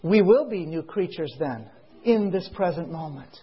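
A male preacher delivers a sermon at an unhurried pace, stretching his key words for emphasis. His voice sits high and sounds slightly husky. He keeps turning to his listeners with rhetorical questions, heard through a muffled, lo-fi recording. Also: animated. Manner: asks the audience rhetorical questions. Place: meeting hall with a congregation. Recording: dull lo-fi recording.

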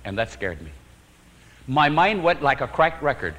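A man preaching a sermon, telling his own story with sudden swings from emphatic to hushed and chuckling at his own jokes. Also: medium pitch, very animated, moderate pace, long pauses, in a large hall, low-quality recording.

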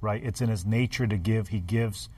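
A man co-hosting a Bible study discussion, explaining points deliberately like a teacher. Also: lowish voice, a little mellow, no room sound. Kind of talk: casual group discussion.

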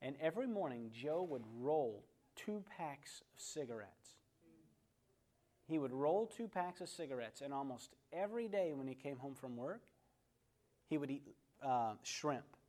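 A man's voice: medium pitch, expressive, unhurried, dark tone. Man teaching a conversational Bible lesson. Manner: storytelling, asks the class questions, calls on people by name.

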